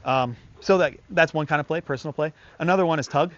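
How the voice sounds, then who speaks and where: A man explains dog play in a relaxed, rambling way, stacking fillers and asides as he talks to the family. He breaks into quick bursts of praise and firm commands to the dog. The sound is slightly dull and lo-fi, with a dog audible nearby. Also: a little high, slight background noise. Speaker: dog trainer. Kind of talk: casual hands-on lesson.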